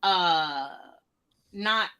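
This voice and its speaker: A woman on a video call rambles playfully through casual chat and pauses to search for words. Her tone is bright and forward. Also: on the low side, clean tone. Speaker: panelist.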